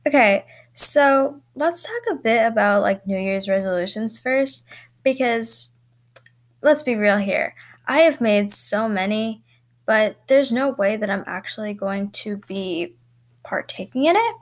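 A woman's voice: fairly high pitch, expressive, measured pace. Chatty rambling teen girl podcaster. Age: teens. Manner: rambling, chatty, lots of fillers and laughs. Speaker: podcast host. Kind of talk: casual solo podcast chat. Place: bedroom at home.

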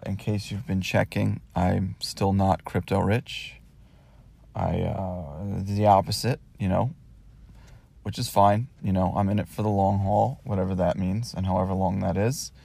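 A man's voice: on the low side, gravelly, a little mellow, no room sound. A man hosting a casual solo podcast, talking in a wry, rambling way with many fillers while recording on his phone in his parked car. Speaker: podcast host.

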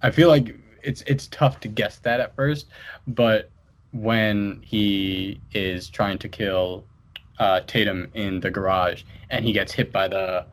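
A man's voice: lowish voice, slow. A young man thinking aloud about a movie, hesitant and repeating himself as he works out his point. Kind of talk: casual movie discussion.

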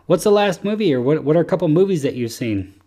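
A man's voice: a little high, animated, fast talker, warm tone. A man hosting a casual podcast chat, rambling and easygoing with lots of fillers. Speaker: podcast host.

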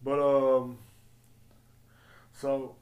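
A man hosting a solo podcast, ranting in a loud, profane, rambling way. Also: medium pitch, completely flat delivery, extremely slow, highs cut off. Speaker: podcast host. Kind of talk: casual solo podcast rant.

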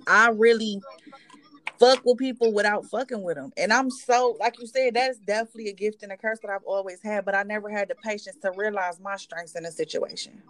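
A woman's voice: medium pitch, a bit bright. A woman co-hosting a podcast in casual chat, talking loosely and profanely and laughing often, a little tipsy. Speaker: podcast co-host. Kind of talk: casual chat among friends.

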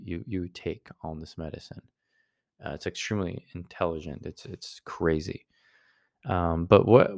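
A man's voice: sits low, vocal fry, dry recording, clean studio sound. A man hosting his podcast, telling a personal story in a rambling, searching way with many restarts. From United States. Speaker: podcast host. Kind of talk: casual personal monologue.

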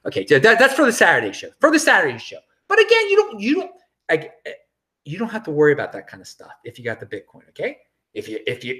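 A man with a high, fairly bright voice hosts his own cryptocurrency show as a casual livestream. His commentary is sarcastic and rambling, full of restarts and chuckles.

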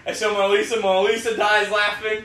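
A young man telling stories in a casual podcast chat, profane and animated. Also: high voice, brisk, recorded from a distance. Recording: echoey room, voice a bit off-mic, faint noise.

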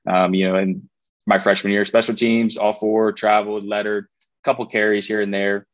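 A man's voice: fairly low pitch, level tone, normal speed, dry recording, muffled recording. Laid-back man telling a story. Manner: rambling, frequent fillers and restarts. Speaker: guest, former college football player. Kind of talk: casual interview storytelling.

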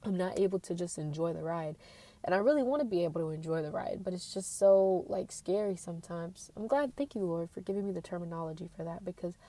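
Young adult woman, college student vlogger; earnest, filler-heavy rambling; slightly low pitch, dead-dry sound. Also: quick pace, warm tone, no echo. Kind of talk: personal reflective monologue.

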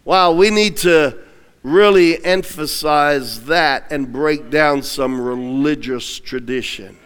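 A man preaching a sermon with emphatic call-and-response, swinging between loud and hushed delivery. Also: on the high side, slow pace, clean tone, long reverb tail.

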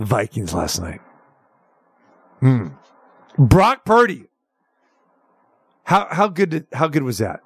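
A man hosting a sports talk radio show, telling stories in an animated, excitable way with stammered restarts. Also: mid-range voice, slow pace, long pauses, breathy edge, no room sound.

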